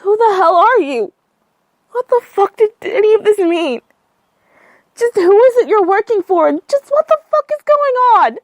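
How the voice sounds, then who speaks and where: A woman's voice: extremely high pitch, big pitch swings, normal speed, no room sound, pitched above the performer's own voice. A woman voicing a terrified, furious woman who screams and strains her voice, reading a creepy story. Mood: screaming.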